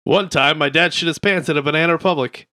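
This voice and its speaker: A podcast co-host reading jokes deadpan, with a bright, forceful voice pitched a little high. He's close and dry on the mic, with no room sound around him. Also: fast talker, no echo. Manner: deadpan joke reading, crude banter. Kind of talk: casual podcast chat, reading comedians' jokes aloud.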